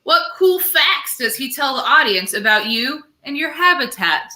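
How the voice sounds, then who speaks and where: Chatty host, sparkling bright tone. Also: female voice, high-pitched, lively intonation, poor audio. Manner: chatty, bubbly, quick asides. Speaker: podcast host. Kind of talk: casual comedy chat.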